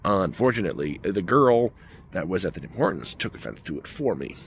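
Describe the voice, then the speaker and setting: A man's voice: sits low, sing-song, a little fast, vocal fry, slight background noise. A man telling a story as a casual rant in a vlog, emphatic and heated. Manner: ranting, emphatic. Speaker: vlogger.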